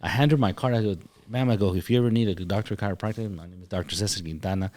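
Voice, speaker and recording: A man with a fairly low voice tells personal stories in a relaxed podcast conversation. He acts out the people in his stories, and his voice jumps up whenever he quotes them. The delivery is loose and conversational. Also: racing. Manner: animated storyteller, acts out dialogue. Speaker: podcast guest, chiropractor. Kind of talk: casual storytelling.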